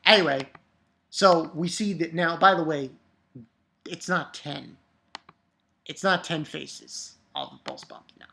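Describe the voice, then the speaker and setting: A woman giving a casual spoken review of a manga chapter, excitable, swearing freely and restarting her sentences often. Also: low voice, slow pace, long pauses.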